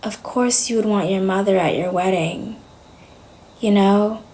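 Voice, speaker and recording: A woman mimicking a soft-spoken British therapist. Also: medium pitch, steady tone, unhurried, slight background noise, natural voice. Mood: soothing.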